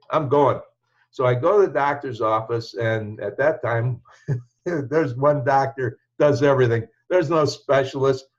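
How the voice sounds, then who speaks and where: An older man from the United States looks back on his life, speaking with a mid-range voice in a casual, meandering way. He restarts his sentences and chuckles to himself as he goes. The recording sounds dull and slightly lo-fi. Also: medium pitch. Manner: reflective, rambling, with restarts and chuckles. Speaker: show host telling his life story. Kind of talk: casual personal storytelling.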